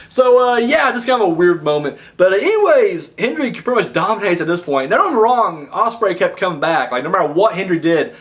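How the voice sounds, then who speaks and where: Animated high-voiced man reviewing wrestling. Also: a little fast, few pauses. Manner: rambling and animated, acts out quotes in voices, swears freely. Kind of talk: casual review vlog.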